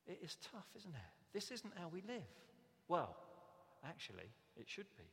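A man preaching a sermon in a church, conversational and animated, often acting out the voices he quotes. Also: on the high side, normal speed. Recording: long reverb of a church hall.

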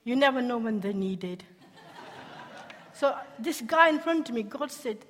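Animated woman preaching a testimony in a reverberant hall. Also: a little high, a little slow, slight background noise. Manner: animated storyteller, laughs often, asks the audience questions. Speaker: speaker sharing a testimony. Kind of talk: testimony sermon.

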